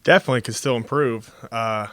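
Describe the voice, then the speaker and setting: Young man, college defensive player, earnest press-conference answers, crisp clean voice, dry close sound. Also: mid-range voice, brisk, no echo. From Texas. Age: young adult. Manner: steady, earnest, with frequent uh fillers.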